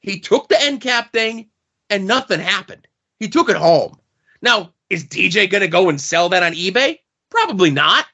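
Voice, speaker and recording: Lively high-voiced man, animated and profane. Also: moderate pace, gravelly. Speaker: podcast co-host. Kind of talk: casual chat. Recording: dull lo-fi podcast audio.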